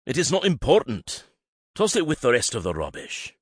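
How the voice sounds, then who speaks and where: A man doing a gruff growling dad. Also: mid-range voice, huge pitch swings, normal speed, no echo, studio quality, pitched above the performer's own voice. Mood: curt. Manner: growling, curt. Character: gruff grumpy Scottish father, middle-aged.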